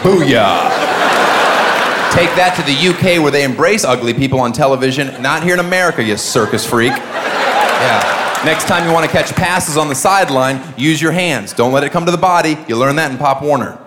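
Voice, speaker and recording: A man's voice: fairly high pitch, animated, moderate pace. A man doing stand-up, delivering mocking roast jokes to a crowd. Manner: mocking, insulting punchlines. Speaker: stand-up comedian. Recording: live stage recording with loud ambient noise.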